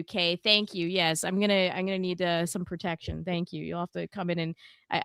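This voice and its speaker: Bright-voiced playful woman co-host. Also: mid-range voice, dry recording, clean studio sound. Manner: playful, swears freely. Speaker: podcast co-host. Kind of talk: casual chat, reading donations.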